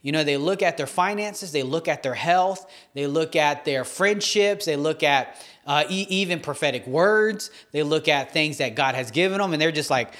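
A man's voice: on the high side, normal speed, few pauses, a bit bright. A man, preaching a sermon in an earnest, conversational way, reading scripture and retelling it in everyday words. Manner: earnest, conversational, with many restarts and fillers. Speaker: pastor.

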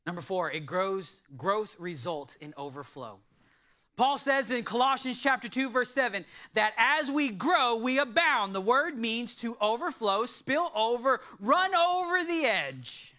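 A man preaching a sermon in an animated way, with joking asides to his congregation. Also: very high voice, unhurried. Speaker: pastor.

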